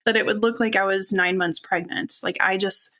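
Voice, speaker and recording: Bright-voiced woman telling her story. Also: medium pitch, steady tone, moderate pace. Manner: open, earnest, conversational with fillers. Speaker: podcast guest, functional nutritionist. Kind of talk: candid personal storytelling.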